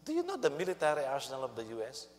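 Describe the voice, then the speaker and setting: Animated male pastor in echoey hall. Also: racing. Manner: animated storytelling, acts out quotes in high voices, laughs at own jokes. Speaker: senior pastor. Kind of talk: sermon.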